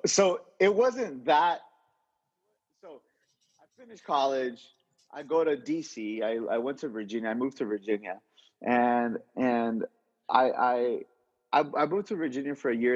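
A man with a husky, slightly breathy voice tells his story in a loose, animated way. He keeps circling back and restarting his sentences. The audio sounds dull and lo-fi. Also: mid-range voice, moderate pace, in a large hall. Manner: animated, rambling, lots of restarts and slang. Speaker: interview guest, entrepreneur. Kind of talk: casual storytelling.

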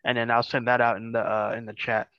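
A man hosting a casual podcast over a video call, talking in a relaxed, stuttery way with lots of fillers. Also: mid-range voice, fast talker, clean tone, no room sound, dull audio. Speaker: podcast host. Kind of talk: casual chat.

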